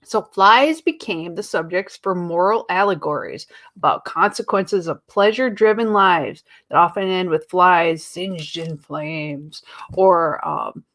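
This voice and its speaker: A woman's voice: lowish voice, measured pace, fairly bright tone. A woman hosting a casual talk show as a librarian, chatty and jokey with giggly asides and lots of fillers. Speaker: host, librarian. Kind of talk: casual chat.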